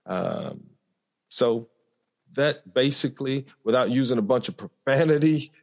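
A man speaking as a podcast guest, telling a personal story in an earnest, reflective way with frequent pauses and fillers. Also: medium pitch, expressive, creaky, dull audio. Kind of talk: conversational storytelling.

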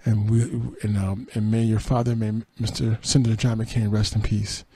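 A man's voice: on the low side, flat delivery, normal speed, warm tone, slightly rough, no room sound. A man hosting a podcast, reading entertainment news aloud and adding dry, sarcastic asides. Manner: reads quotes then adds dry sarcastic asides and laughs. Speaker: podcast host.

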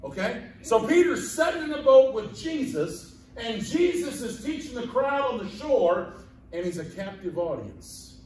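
A man's voice: very high voice, sing-song, a little slow, a little mellow, slight background noise. A man preaching a sermon in a folksy, storytelling way. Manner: folksy storytelling, acting out voices in quotes. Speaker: pastor. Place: church sanctuary. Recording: echoey church room from a distant mic.

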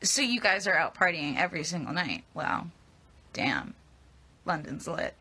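Gravelly, bright-voiced young woman rambling. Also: low voice, big pitch swings, measured pace. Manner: rambling and hesitant, stumbling over words. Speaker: actress answering fan questions. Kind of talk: casual live Q&A with fans. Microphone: phone at arm's length.

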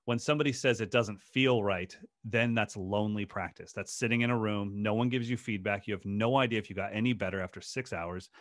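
The guest drum educator talks briskly with hardly a pause, his low voice carrying a slightly bright edge. He tells earnest, passionate stories in a casual interview, often starting over mid-thought, all in clean, roomless studio sound.

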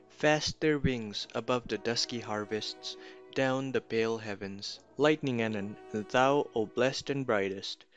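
A man reciting an old poem in a solemn, measured way, on a dull lo-fi recording. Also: medium pitch. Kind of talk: slow poetry reading.

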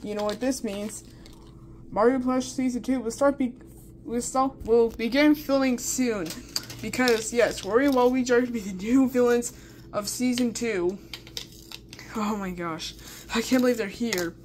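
A woman's voice: fairly high pitch, unhurried, darkish tone, a little hiss or hum. A woman vlogging an unboxing, gushing and repeating exclamations over and over. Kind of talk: excited unboxing chat.

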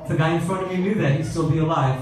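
A middle-aged man works an open-mic stand-up set in a deadpan, exasperated observational style. His voice sits slightly high and reaches the mic from a distance. The club recording is very echoey and carries a clear room noise. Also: rapid-fire. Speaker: stand-up comedian. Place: comedy club stage. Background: audience laughter.

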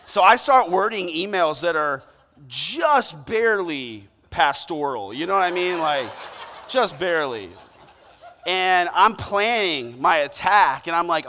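A man preaching a sermon, telling stories with lively quoted voices. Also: sits high, unhurried, a little hiss or hum. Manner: animated storytelling with playful quoted voices. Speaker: pastor. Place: church auditorium. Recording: long reverb of a large hall.

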